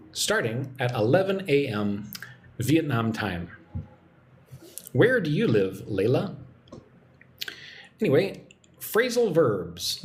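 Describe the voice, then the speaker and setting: A man teaches English on a live stream, talking slowly and without hurry. His pitch moves a lot as he chats, and there is a faint hum of noise behind him. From United States. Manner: relaxed and chatty, reading out viewer comments.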